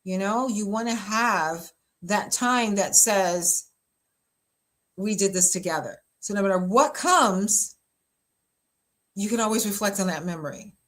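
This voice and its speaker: A woman's voice: mid-range voice, a little slow, pauses often, a bit bright, slight background noise. A woman pastor talking casually about relationships, chatty and emphatic, with lots of fillers and easy laughter. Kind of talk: casual relationship advice talk.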